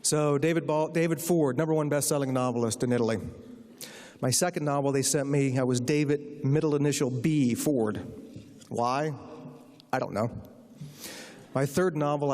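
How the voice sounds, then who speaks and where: A man's voice: mid-range voice, a little mellow. An American man giving a lecture as a guest author, telling humorous anecdotes in a wry, self-deprecating way. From United States. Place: lecture hall. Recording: reverberant lecture hall.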